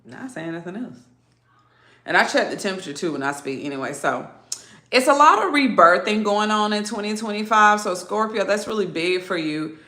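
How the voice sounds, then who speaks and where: A woman giving a casual zodiac reading, chatty and animated, laughing often. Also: medium pitch, brisk, echoey room. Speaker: tarot reader.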